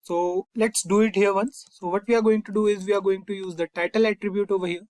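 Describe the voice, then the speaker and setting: A man's voice: high-pitched, steady tone, fast, a little mellow, no echo. A man teaching a screen-recorded coding tutorial, explaining step by step and addressing viewers as "you guys". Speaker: coding instructor.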